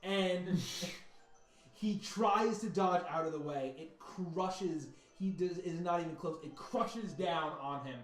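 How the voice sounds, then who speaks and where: Animated man running a tabletop game. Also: sits high, slow. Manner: animated, bursts into loud sound effects and voices. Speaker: game master. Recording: roomy mic with background music. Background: faint music.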